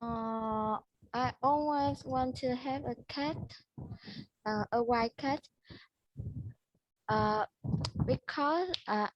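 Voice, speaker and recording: A woman student answering a speaking test question haltingly, searching for words. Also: fairly high pitch, no echo, lo-fi sound.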